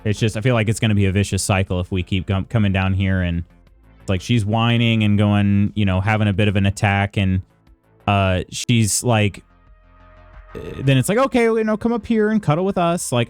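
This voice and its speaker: A man's voice: lowish voice, fairly even intonation, normal speed, darkish tone, clean tone, dry recording, soft background music. A man streaming live, chatting casually with viewers and greeting them by name while reading the chat aloud. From United States.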